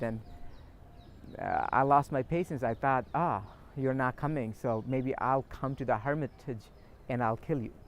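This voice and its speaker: A man's voice: fairly high pitch, lightly acted. A man telling of a remorseful wounded enemy.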